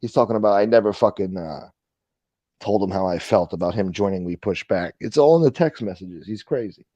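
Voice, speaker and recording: A man's voice: fairly low pitch, a little fast, dark tone, no echo, muffled recording. A man hosting a casual late-night livestream chat, rambling and swearing as he reads and answers viewer comments. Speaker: livestream host.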